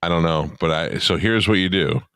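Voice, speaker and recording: Deep-voiced man, bossy and teasing. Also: fairly quick, fairly bright tone, clean tone, dry recording, clean studio sound. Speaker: podcast co-host. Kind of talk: casual comedy podcast banter.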